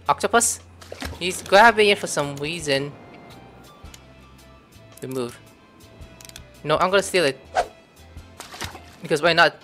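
A man casually commenting on a video game as he plays, muttering his thoughts and then jumping up into startled exclamations. His voice swings widely in pitch. Soft game music plays underneath. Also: normal speed, pauses often. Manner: excitable, thinking aloud, sudden surprised outbursts. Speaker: gameplay commentator. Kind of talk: casual let's-play commentary.

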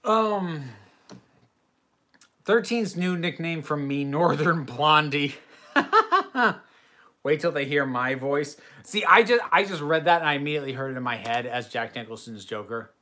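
A man's voice: a little high, expressive, a little slow, pushed and bright. A young American man hosting a livestream Q&A from his bedroom, reading chat questions aloud and answering them in long tangents. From United States. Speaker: host.

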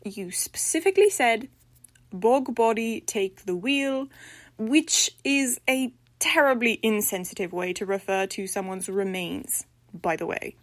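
A woman's voice: a little high, expressive, unhurried, no echo. A woman voicing the prim, haughty spirit of an old-fashioned lady from a bog body, speaking with formal, peevish diction in a storybook reading. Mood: reasonable.

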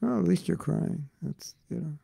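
A man teaching a devotional class in an earnest, conversational way, full of casual fillers, swinging between loud emphasis and soft asides. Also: fairly high pitch, lively intonation, moderate pace, gravelly, breathy edge, no echo. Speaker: spiritual teacher.

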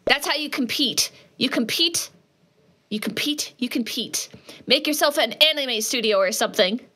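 A woman streaming a game live, chatting with viewers in an animated, jokey way with sudden yelps. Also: high voice, moderate pace. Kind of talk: live gaming stream chat. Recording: noisy background.

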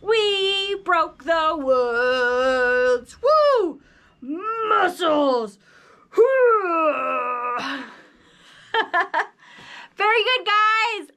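Woman, early reading teacher: very high, slow, sing-song phonics delivery for small kids. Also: bright, forceful tone. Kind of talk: children's phonics lesson.

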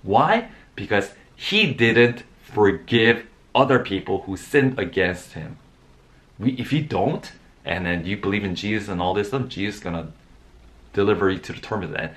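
A man's voice: on the low side, expressive, moderate pace, a bit bright. A man giving an informal sermon, often restarting his words and rising into emphatic bursts. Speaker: preacher.

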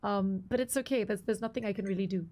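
A young woman streams a game live, chatting casually and greeting viewers by name. Her fast, mid-range voice has a darkish tone and sounds partly lost and slightly strained.

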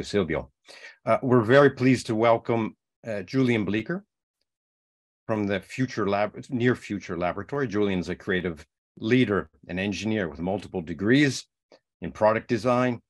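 A man opens an evening talk as host, welcoming the guests and speakers. He is formal but hesitant, with many uhs and restarts. His voice sits low. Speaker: director of education, event host. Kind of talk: formal event introduction.

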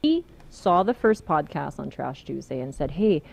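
A woman's voice: deep voice, sing-song, moderate pace, creaky, a little mellow. A woman, a podcast guest, earnestly explaining her side. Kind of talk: casual interview talk.

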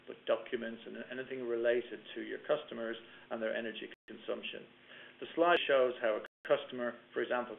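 A man's voice: medium pitch, gravelly, a little hiss or hum. A man giving a business webinar presentation, talking through slides with fillers and restarts. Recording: tinny phone-line webinar audio.

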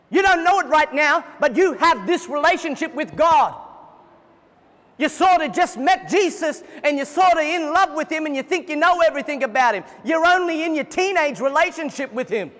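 A man preaching a fervent sermon as pastor at a church service, at times breaking into shouts. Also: very high voice, lively intonation, moderate pace, big-room sound.

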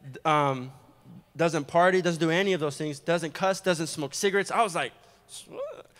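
Young man preaching his testimony, lively storyteller with quick asides, bright tone, church hall reverb. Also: on the high side. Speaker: guest preacher giving testimony. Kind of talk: sermon testimony. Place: church sanctuary.

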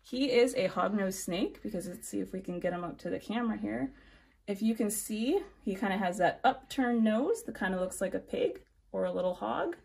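A woman calmly explaining snakes and venom to children, friendly and plain. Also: mid-range voice, moderate pace, gravelly, breathy edge. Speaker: snake keeper and educator.

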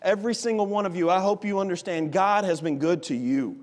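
A man's voice: high voice, brisk. A man preaching a revival sermon as a guest missionary, telling stories with passion and speaking in character as a biblical figure. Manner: impassioned storytelling, voices Boaz addressing Ruth. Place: church sanctuary. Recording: long church hall reverb.

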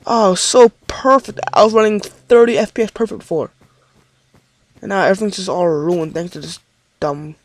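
High-voiced man doing frustrated gaming commentary. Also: no echo. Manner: rambling, easily frustrated, swears often. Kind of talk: let's play commentary.

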